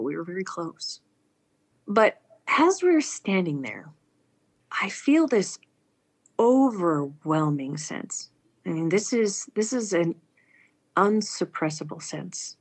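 A woman's voice: on the low side, husky. A woman earnestly telling a personal story aloud, acting out the people she quotes. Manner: earnest, animated, acts out quoted speech.

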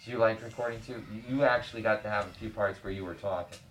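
A woman with an exceptionally low, deep voice hosts a relaxed podcast conversation with a group of children. She keeps things moving with short, encouraging questions. A faint hiss of noise sits under her voice. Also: fast. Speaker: podcast host and leader of a youth group. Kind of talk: casual group chat, asking kids questions.

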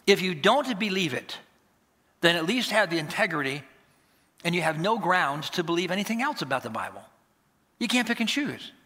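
An animated male pastor preaches a sermon with lots of emphasis. His voice sits high and sounds bright and forceful, and he often slips into short acted conversations. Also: normal speed. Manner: animated, emphatic, acts out dialogues.

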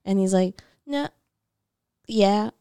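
A woman's voice: mid-range voice, slow, warm tone, clear, resonant tone, dry recording, clean studio sound. A young woman co-hosting a podcast, chatting casually about a movie and acting out her own reactions. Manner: chatty, leans on "like" and reported thoughts. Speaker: podcast co-host.

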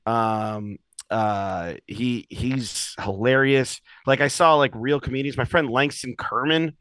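A young man telling rambling, animated stories in casual podcast chat, swearing freely. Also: medium pitch, takes it slowly, clear, resonant tone, no room sound, rough recording. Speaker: podcast co-host.

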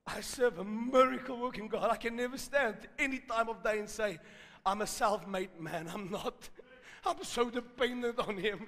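South African male preacher, very high voice, bright tone, long hall reverb. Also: normal speed. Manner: storytelling, builds to loud emphatic preaching. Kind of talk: sermon.

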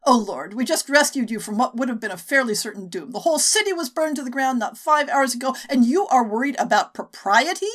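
A woman's voice: medium pitch, fast, hardly any pauses, natural voice. A woman voicing a brash young woman rescuer who swears and scolds impatiently, in an audiobook story. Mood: incredulous.

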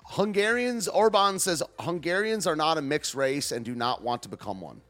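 Guy hosting a show, rambling slangy news chat, voice slightly high and swings around a lot, faint music behind. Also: lively intonation, normal speed, a bit bright. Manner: rambling, laughs often, loose slangy talk. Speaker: show host. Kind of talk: casual commentary on news clips.

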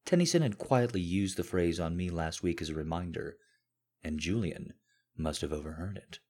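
A man reading first-person fiction aloud as an audiobook narrator, slow, low and commanding. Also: lively intonation, a little mellow, slightly rough.

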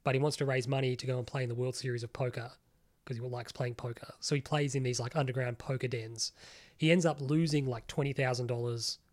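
A man's voice: mid-range voice, fairly even intonation, a little fast. A man co-hosting a casual pop culture podcast, rambling animatedly with lots of "like" and the odd swear. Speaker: podcast co-host. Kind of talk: casual chat.

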